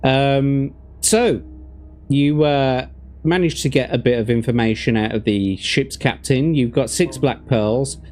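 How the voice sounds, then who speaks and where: A man's voice: mid-range voice, measured pace, a little mellow. A man, hosting a livestream as game master, chatting with viewers and reading gamebook passages aloud. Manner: chatty, laughs easily, talks to his chat.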